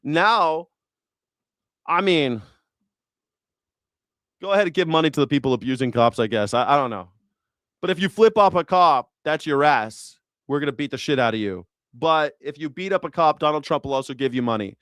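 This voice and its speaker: A man's voice: on the high side, animated, normal speed, long pauses, a bit bright, no room sound, clean studio sound. A man hosting a news reaction show, with profane, sarcastic and mocking commentary. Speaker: host.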